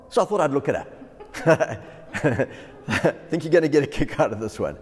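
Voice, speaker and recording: A man's voice: a little high, animated, moderate pace. A man, a pastor giving a devotional sermon who often chuckles through his stories. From South Africa. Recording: long hall reverb.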